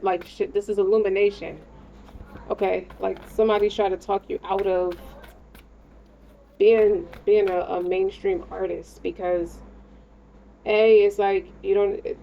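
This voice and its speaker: In a mellow, medium-pitched voice, a tarot reader rambles through a casual reading, addressing the listener directly with slang and swearing. The audio is dull and lo-fi, carrying a faint hiss of noise.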